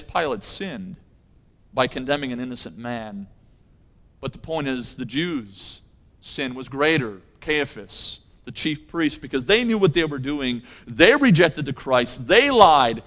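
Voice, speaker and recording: A man preaching a sermon as pastor, emphatic, repeating key phrases and swinging between loud and hushed delivery. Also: mid-range voice, long reverb tail.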